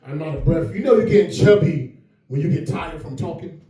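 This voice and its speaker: A man's voice: fairly high pitch, lively intonation, a little fast, recorded from a distance. A man doing stand-up comedy at a private party, chatting and laughing with the crowd as he goes. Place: private mansion home. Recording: echoey room, mic from afar.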